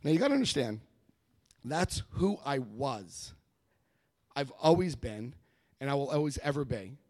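A man giving a personal testimony at a recovery meeting, telling his story with animated energy and acting out what people said. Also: mid-range voice. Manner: animated storytelling, acts out quoted voices. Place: meeting room before a live audience.

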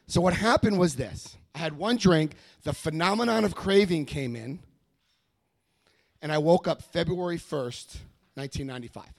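A man giving a personal testimony at a recovery meeting, telling his story with animated energy and acting out what people said. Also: fairly high pitch, moderate pace, gravelly. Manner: animated storytelling, acts out quoted voices. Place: meeting room before a live audience.

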